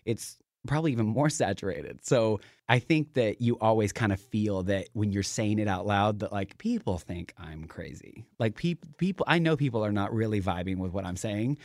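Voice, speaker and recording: A young man with a light East Tennessee accent, chatting on a podcast. His pitch swings widely as he talks, restarting his sentences and laughing easily. The recording is dry and close. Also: moderate pace, few pauses, no room sound. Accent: East Tennessee, toned down. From Knoxville, Tennessee. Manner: animated, laughs often, repeats words when starting. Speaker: podcast guest, YouTuber. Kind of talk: casual podcast chat.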